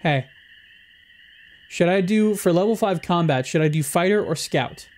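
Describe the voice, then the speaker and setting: A man's voice: high-pitched, unhurried, a little mellow. A man giving casual, rambling commentary while playing a farming game. He swears often and drifts into jokey tangents. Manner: joking, swears freely, rambling asides. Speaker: gaming video creator.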